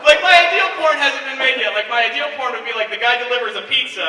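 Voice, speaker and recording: A man's voice: extremely high pitch, quick pace, a little hiss or hum. A young man doing a stand-up comedy set with awkward, self-deprecating chatter full of filler words. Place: convention stage before a large laughing audience. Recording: distant echoey hall recording with loud crowd.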